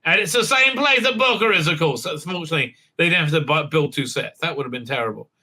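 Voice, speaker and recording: A man's voice: a little high, lively intonation, sharp tone. A man hosting a show, giving a rambling casual episode recap with lots of fillers and mocking asides. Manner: halting, many fillers, acts out quotes in silly voices. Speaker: show host reviewing a TV episode.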